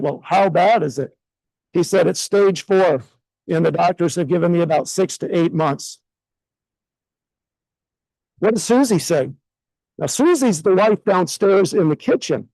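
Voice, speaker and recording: A man telling an emotional story on stage at a business event, acting out what others said and dropping his voice low at key moments. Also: creaky, a little mellow, no room sound, rough recording. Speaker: event speaker. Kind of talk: motivational stage talk. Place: event hall.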